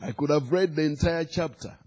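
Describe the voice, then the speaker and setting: A middle-aged Ugandan pastor with a Ugandan accent preaches a sermon, swinging from soft asides to loud proclamations. His voice is a little high and fairly quick.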